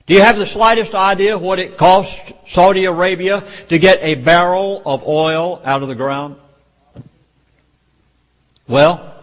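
In a meeting hall with long reverb, a man with a Southern US accent lectures a public meeting in an urgent, emphatic speech. His voice is a little high and a bit bright.

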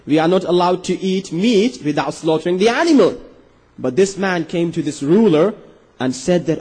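A man's voice: normal speed, breathy edge, rough recording. A man preaching a sermon to an audience, telling a story and acting out its dialogue with rising, emphatic delivery. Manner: animated, acts out the dialogue with rising pitch for emphasis.

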